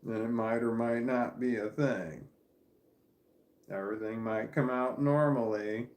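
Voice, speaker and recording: A man's voice: medium pitch, measured pace. Rambling man in an echoey room. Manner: candid, wandering, self-deprecating, often trailing off. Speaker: vlogger. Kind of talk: casual rambling monologue to camera. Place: at home in a room, with a puppy in his lap. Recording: roomy echo.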